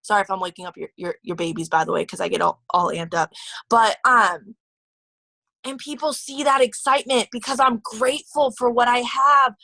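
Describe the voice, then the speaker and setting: A woman's voice: on the high side, fairly even intonation, normal speed, vocal fry, pushed and bright, dry recording, low-quality recording. A woman leading a motivational team call, chatty and gushing, with lots of fillers and restarts. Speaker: team leader.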